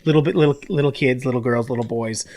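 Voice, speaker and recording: A young man co-hosting a casual podcast rants about sports at a quick pace in a mid-range voice. He's animated, swears, and mocks people with put-on quotes and impressions.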